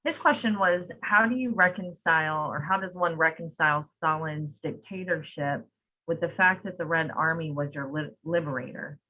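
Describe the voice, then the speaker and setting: A woman's voice: sits low, normal speed, sharp tone, poor audio. A woman moderating, reading audience questions from the chat.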